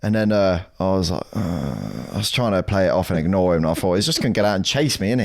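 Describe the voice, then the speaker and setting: This young man co-hosts a podcast, speaking fast in a low voice as he tells a story in casual conversation. He gets animated, swears without restraint, and acts out people's lines.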